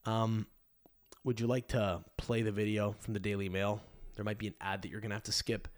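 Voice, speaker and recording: A man's voice: fairly low pitch, little pitch movement, brisk. A man hosting a podcast, ranting crudely and rambling with many restarts. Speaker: podcast host. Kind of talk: casual rant.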